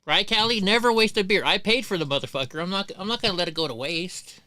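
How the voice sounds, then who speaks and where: A man's voice: high-pitched, fast, pushed and bright, no echo. A middle-aged man hosting a livestream, telling rambling, profane stories in casual chat. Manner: rambling, profane, many restarts. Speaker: livestream host.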